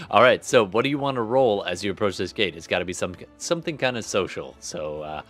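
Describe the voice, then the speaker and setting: Sex: man. Role: lively, low-voiced game master. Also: moderate pace, soft background music. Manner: laid-back, chatty, laughing. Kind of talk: narrating a tabletop game.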